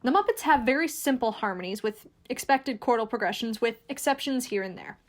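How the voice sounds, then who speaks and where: A woman reading a scripted video essay in a clear, measured, explanatory way. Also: on the high side, lively intonation. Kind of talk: scripted narration.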